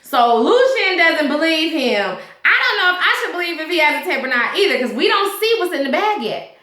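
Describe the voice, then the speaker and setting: A woman's voice: high-pitched, very animated, fairly quick, pushed and bright, echoey room. A woman giving a casual recap of a TV episode, chatty and slangy, often saying "you know what I'm saying". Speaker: TV show reviewer.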